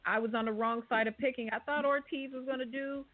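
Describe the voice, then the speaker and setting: A woman co-hosting a boxing show, telling lively stories from ringside in casual chat. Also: high voice, fast. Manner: lively storyteller, mocking impressions. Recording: tinny phone-like sound.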